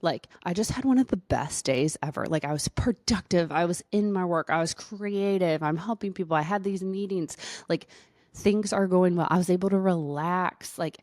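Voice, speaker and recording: Chatty low-voiced woman doctor. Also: moderate pace, a little mellow, dry recording, clean studio sound. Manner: chatty, with frequent "like" fillers. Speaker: doctor and podcast host. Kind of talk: casual storytelling monologue.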